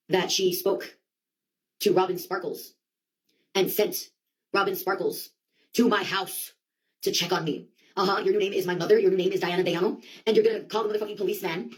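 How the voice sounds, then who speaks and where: A woman delivering a rambling, profane comic monologue full of deadpan asides. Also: mid-range voice, breathy edge. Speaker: comedian.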